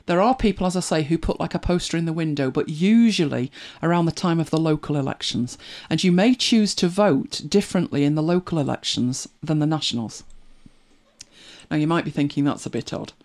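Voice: medium pitch, brisk, a little mellow. Chatty middle-aged English voice. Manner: chatty and reflective, with frequent laughs and asides. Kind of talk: casual chat.

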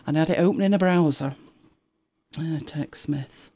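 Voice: mid-range voice, normal speed, mellow, no echo, clean studio sound. A host of a tech live show chatting casually, rambling with frequent restarts and exasperated asides. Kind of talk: casual chat.

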